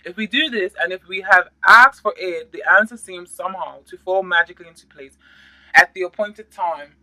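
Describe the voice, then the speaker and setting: A man's voice: sits high, moderate pace, pushed and bright, no echo, rough recording. A man giving a casual tarot reading, playful and slangy, reading card meanings aloud and adding sound effects. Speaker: tarot reader.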